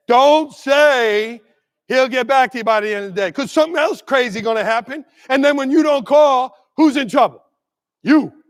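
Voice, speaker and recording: A man giving an energetic motivational keynote to school administrators, acting out quick exchanges with staff and parents. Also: extremely high pitch. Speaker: keynote speaker. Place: large conference hall. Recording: long hall reverb.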